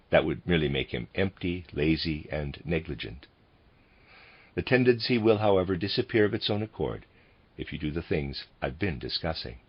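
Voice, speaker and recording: A man reading lectures aloud as an audiobook reader, in a measured way, speaking the bracketed notes too. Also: extremely low pitch, slightly rough, dull audio.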